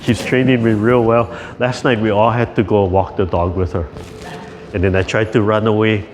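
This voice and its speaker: A man's voice: on the low side, little pitch movement, normal speed, a little hiss or hum. Older guy teaching tai chi on a video call, chatty and laughing, says "yeah?" a lot. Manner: laughing, easygoing, tags lines with "yeah?" and "right?". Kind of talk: chatty storytelling between exercises.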